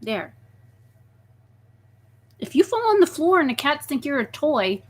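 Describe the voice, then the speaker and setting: A woman chatting casually on a live stream while hushing and soothing a restless pet snake, describing it with lots of "like.". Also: high-pitched, big pitch swings, a little slow. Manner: hushes and soothes a pet snake in soft murmurs. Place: at home at her desk.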